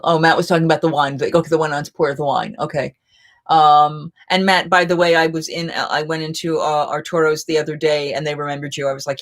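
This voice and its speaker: A woman hosting a casual live chat, telling rambling, animated anecdotes. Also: sits low, brisk.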